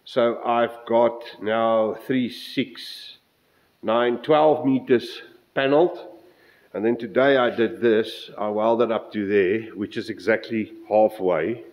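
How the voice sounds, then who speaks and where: Poor audio carries a slow, darkish male voice on the low side with fairly even intonation. A middle-aged South African, he offers a rambling, easygoing vlog update on his model railway, regularly halting mid-sentence to count measurements.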